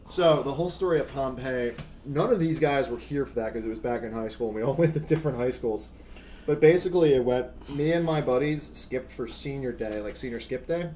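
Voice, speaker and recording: A young man on a podcast, telling a story in animated casual chat with laughs. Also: medium pitch, fairly quick, a little hiss or hum. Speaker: podcast host.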